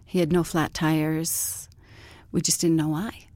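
A woman telling a personal story as an interview guest, in a calm and measured way. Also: low voice, no room sound.

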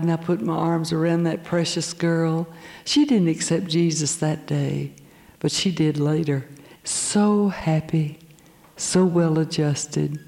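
An older woman telling her church testimony, animated and quick to laugh. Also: low-pitched. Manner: animated storytelling, laughing often. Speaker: speaker giving a testimony. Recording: long hall reverb.

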